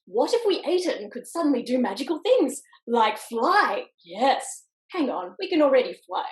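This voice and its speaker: A woman's voice: sits high, very animated, normal speed, few pauses, reverberant. A woman reading a picture book aloud to children over a video call, switching between character voices. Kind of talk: storytime read-aloud.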